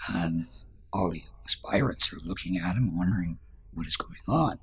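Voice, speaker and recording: A man's voice: low voice, lively intonation, normal speed, vocal fry, fairly bright tone, husky. A man giving a spiritual talk as a teacher, telling a story in an earnest way and dropping to a whisper at times.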